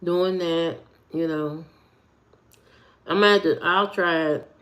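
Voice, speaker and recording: Woman live streamer, lowish voice, casual rambling home chat with viewers. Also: steady tone, takes it slowly, fairly bright tone. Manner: rambling, loose and talkative, with frequent fillers and repeats. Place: at home, indoors.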